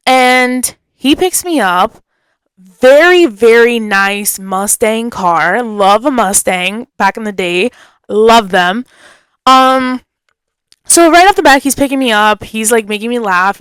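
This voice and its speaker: A young woman hosting a podcast, telling a story in a chatty, animated way and acting out what people said. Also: a little high, slow, smooth, dry recording. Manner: animated, chatty, acts out quotes. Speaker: podcast host. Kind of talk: casual storytelling.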